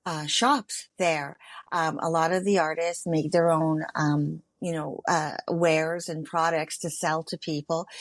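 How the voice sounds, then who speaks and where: A woman with a lower voice describes her travels in a chatty, meandering way, full of little pauses. Her sound is dry and close to the mic. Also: no room sound. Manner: chatty, many fillers and restarts. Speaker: travel expert guest. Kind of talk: casual conversational recap.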